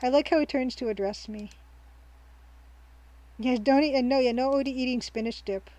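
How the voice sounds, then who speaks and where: A woman's voice: high-pitched, normal speed, dark tone, dry recording, poor audio. A woman streamer giving casual let's-play commentary, chatty and rambling, thinking aloud with frequent ums and easy laughs. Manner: cheerful, laughs easily.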